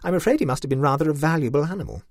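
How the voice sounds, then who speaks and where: Man playing a well-bred young gentleman, earnest, apologetic, lifted voice, husky edge. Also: a little high, expressive, very fast, no room sound, clean studio sound, voice pushed up.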